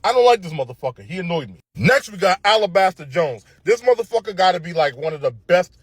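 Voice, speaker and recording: A man's voice: high-pitched, very animated, fast, breathy edge, dry recording. A man ranting casually about cartoon characters, profane and opinionated, full of slang and tag questions. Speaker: show commentator. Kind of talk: casual commentary rant.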